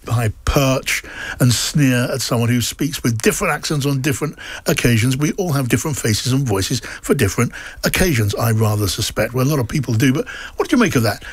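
A man's voice: mid-range voice, lively intonation, fairly quick, slightly rough, no echo. A man from South London hosting a radio panel discussion, chatty and wry, with frequent restarts. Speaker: radio show host.

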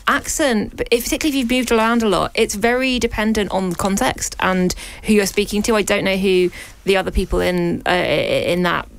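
A woman's voice: mid-range voice, a little fast, creaky. Thoughtful woman from North London. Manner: thoughtful, earnest, stammering starts. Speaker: panel guest. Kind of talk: studio panel discussion.

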